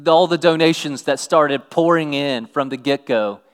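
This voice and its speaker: A pastor delivering a sermon in an earnest, conversational way, often restarting his sentences. His voice is fairly high for a man and smooth and resonant. The sound carries a long reverb, as in a large hall. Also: moderate pace. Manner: earnest, conversational preaching with restarts and scripture reading.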